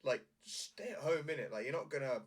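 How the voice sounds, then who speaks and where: A man's voice: mid-range voice, brisk, a crowd in the background. A young man co-hosting a podcast in casual chat, chiming in with lots of yeahs and innits. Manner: chatty, agreeing with lots of yeah and innit. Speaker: podcast co-host.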